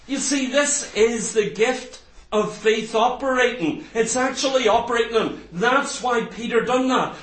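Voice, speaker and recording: Male preacher, high voice, fervent sermon, picked up from afar with room echo. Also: a bit bright, a little hiss or hum. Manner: fervent, asks rhetorical questions. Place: church hall. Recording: roomy echo, distant mic.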